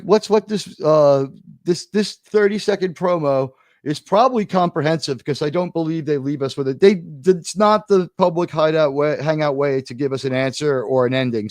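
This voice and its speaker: High-voiced male host, dry close mic, sarcastic and profane livestream commentary. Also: no room sound. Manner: animated, sarcastic ranting with swearing. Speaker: show host. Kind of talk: livestream watch-party commentary.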